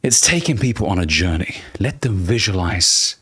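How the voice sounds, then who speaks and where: Deliberate, emphatic male speaking coach. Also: low voice, lively intonation, a bit bright, slightly rough. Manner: deliberate, emphatic, slows down to stress key words; blunt, casual, occasional swearing. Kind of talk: direct-to-camera coaching lesson.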